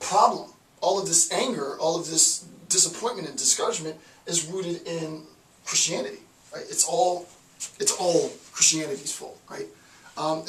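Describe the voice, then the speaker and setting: A man with a fairly high voice lectures off the cuff, often tagging his points with "right?" and restarting sentences. He is heard from some distance in a roomy, echoing space, with a faint hiss underneath. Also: a bit bright. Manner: rambling, frequent "right?" tag questions, restarts. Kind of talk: informal recorded lecture.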